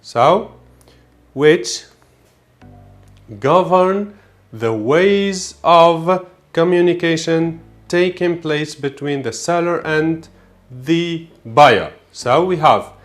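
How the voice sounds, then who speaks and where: A man with an Algerian accent, an English teacher slowly walking through an exam, repeating key words as he explains. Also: on the high side, soft background music. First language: Arabic. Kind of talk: exam walkthrough lesson.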